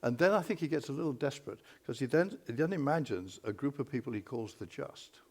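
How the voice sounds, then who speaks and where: A man moderating a literary panel, thinking aloud and animated as he talks through a poem. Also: mid-range voice, fast. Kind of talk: panel discussion.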